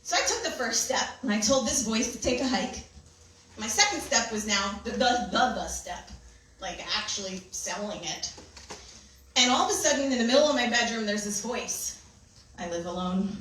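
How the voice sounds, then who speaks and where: A woman giving an animated talk to an audience, telling a personal story and laughing often. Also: mid-range voice, normal speed, a little hiss or hum. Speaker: speaker. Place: large room with an audience. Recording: echoey hall from far off.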